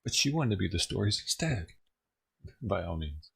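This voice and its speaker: A man's voice: sits low, very animated, normal speed, vocal fry, fairly bright tone, slightly rough. A man ranting on his own livestream, talking casually and profanely, rambling and chuckling as he goes. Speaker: livestream streamer.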